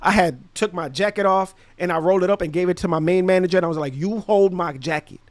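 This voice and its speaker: A man in his thirties with a fairly high voice, spinning a slangy, animated story for his podcast. The sound is dry and close, with no room ring. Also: fast talker, no room sound. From Brooklyn, New York. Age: 30s. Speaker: podcast host. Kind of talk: casual storytelling.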